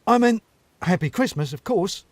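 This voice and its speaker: A man's voice: high-pitched, very animated, brisk, dry recording, pitched above the performer's own voice. A man voicing a small, timid hedgehog who stammers and gets flustered.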